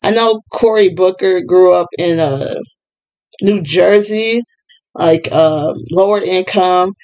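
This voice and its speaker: A woman's voice: on the low side, takes it slowly, darkish tone, poor audio. A woman giving casual political commentary in an exasperated, sarcastic tone, with lots of fillers. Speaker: commentary vlogger.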